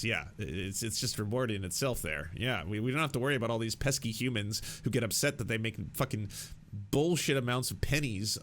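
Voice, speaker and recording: A man's voice: mid-range voice, fairly bright tone. A young man hosting political commentary, ranting in a sarcastic, exasperated way and swearing freely.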